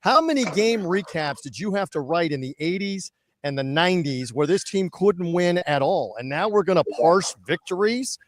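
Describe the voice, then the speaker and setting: A man's voice: high voice, animated, moderate pace. Blunt emphatic male sports pundit. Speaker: co-host. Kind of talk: sports talk.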